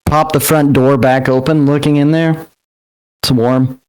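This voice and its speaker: A man's voice: mid-range voice, level tone, unhurried, darkish tone, clear, resonant tone. A man, a tabletop player speaking heatedly in character, defiant and swearing. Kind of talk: in-character tabletop role-play.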